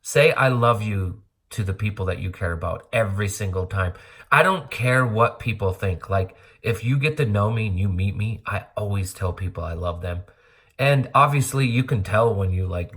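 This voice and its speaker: A man's voice: fairly low pitch, moderate pace, a bit bright, slightly rough. A middle-aged man from Montana talking earnestly and bluntly in a rambling personal monologue. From Montana, USA. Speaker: vlogger.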